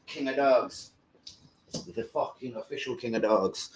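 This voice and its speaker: A man hosting a football fan livestream, talking in an excitable, sweary, rambling way. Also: mid-range voice, moderate pace, slight background noise. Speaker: host of a football fan show. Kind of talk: casual livestream chat.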